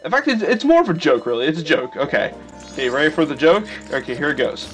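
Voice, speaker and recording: A young man hosting a game playthrough, rambling and joking with sudden excited yelps. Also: fairly high pitch, fast talker. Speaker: let's play host. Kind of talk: casual gameplay commentary. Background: faint video game music.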